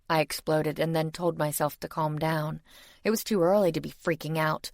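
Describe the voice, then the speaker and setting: A woman's voice: low-pitched, fairly even intonation, moderate pace, darkish tone, dry recording, studio quality. Wry woman narrating an audiobook. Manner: wry, exasperated. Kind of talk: first-person fantasy narration.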